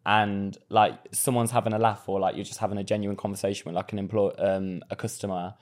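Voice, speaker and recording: A man's voice: fairly low pitch, level tone, fast talker, darkish tone. A man, co-hosting a podcast in casual, sweary chat. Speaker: podcast co-host.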